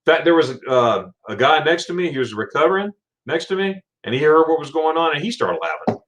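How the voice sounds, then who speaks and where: A man's voice: a little high, big pitch swings, a little fast, fairly bright tone. A middle-aged man hosting a live stream, telling funny stories in a casual chat, laughing often and repeating words as he talks. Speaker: livestream host.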